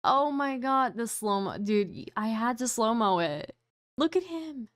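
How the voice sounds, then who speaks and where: Smooth-voiced excitable streamer woman. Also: a little high, unhurried, no echo, studio quality. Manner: excitable, mocking, laughs often, swears casually. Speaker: streamer reacting to clips. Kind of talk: casual reaction commentary.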